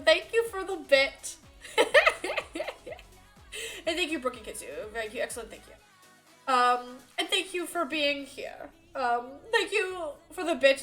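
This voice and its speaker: A young woman streaming live, chatting loosely with her viewers and breaking into giggles. Her voice sits high and light, with faint music under it. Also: moderate pace, fairly bright tone. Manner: giggly, chatty, reads chat aloud. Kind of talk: casual live-stream chat.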